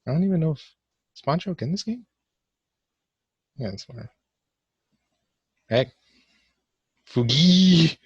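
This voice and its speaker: A man's voice: fairly high pitch, very animated, a little fast, long pauses, darkish tone, slightly rough, no echo, dull audio. A young man giving casual let's-play commentary for a class vlog, awkward and joking at his own expense. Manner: awkward, self-mocking joking. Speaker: gamer doing a class vlog.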